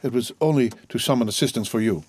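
A man's voice: medium pitch, fast, a little mellow, husky, lightly acted. A man voicing an earnest young sailor held as a prisoner, speaking in an eager, pleading way in a raised voice. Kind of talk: audiobook character voice.

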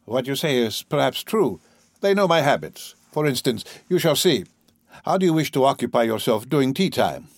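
A man reading a composed, mysterious wealthy count in an audiobook, calm and measured. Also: mid-range voice, dry recording, studio quality. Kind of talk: audiobook character voice.

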